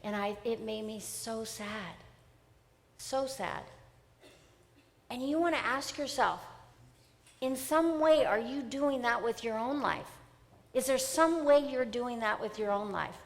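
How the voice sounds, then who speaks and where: A middle-aged woman giving an emphatic, animated motivational seminar talk. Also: fairly high pitch, slow, vocal fry, pauses often. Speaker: seminar speaker. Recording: long hall reverb.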